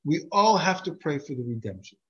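A man voicing a pious elderly grand rabbi who speaks earnestly and gently, heard on a dull lo-fi recording. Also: fairly high pitch, big pitch swings, fairly quick.

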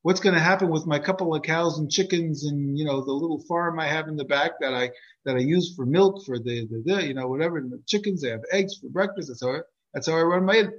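A man's voice: fairly high pitch, quick pace, lightly acted. A man voicing a worried, simple village innkeeper who pleads anxiously, heard on a dull lo-fi recording.

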